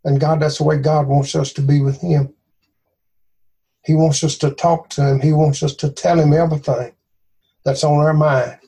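A man's voice: on the high side, little pitch movement, moderate pace, dark tone, breathy edge. A man with a Southern US accent giving an informal devotional talk in a folksy, earnest, conversational way.

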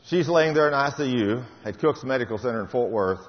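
An older man preaches his testimony with fervent conviction, hammering home key phrases again and again. His mid-pitched voice rings through a long hall echo, and the recording sounds muffled. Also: expressive, a little fast. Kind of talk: testimony sermon.

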